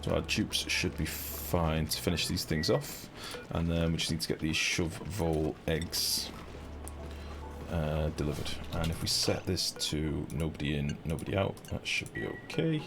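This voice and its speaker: A young man commentating casually on a live game stream, chatty and excitable, swearing freely and talking to his chat. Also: a bass voice, measured pace, gravelly, over music.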